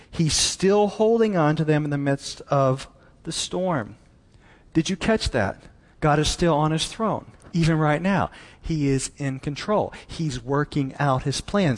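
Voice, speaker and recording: A man's voice: a little high, in a large hall. A man preaching a sermon as pastor, earnest and emphatic, often repeating words.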